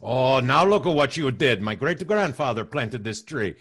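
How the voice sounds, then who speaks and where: A man hosting a radio show, telling the story in a comic parody with an animated delivery. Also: medium pitch, moderate pace, husky.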